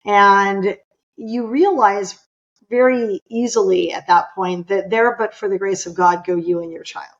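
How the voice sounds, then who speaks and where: A woman's voice: medium pitch, steady tone, a little slow, lo-fi sound. A middle-aged woman from California, a podcast guest telling a personal story with emphatic, impassioned delivery. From California, USA.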